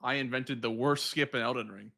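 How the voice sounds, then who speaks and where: Gravelly man making wry asides. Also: medium pitch, steady tone, fairly quick, sharp tone. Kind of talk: casual gaming chat.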